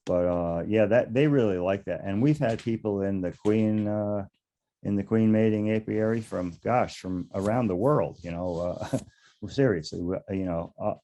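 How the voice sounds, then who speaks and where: Low, mellow-voiced man telling stories. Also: normal speed. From United States. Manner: rambling, chuckling, with frequent restarts. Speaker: interview guest, beekeeper. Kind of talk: casual storytelling interview.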